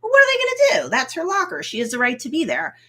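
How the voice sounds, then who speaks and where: A woman hosting a casual live review of a TV episode, recapping scenes in a lively way, acting out the characters' reactions, and slipping into motherly advice. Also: high-pitched, quick pace. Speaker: host and TV reviewer.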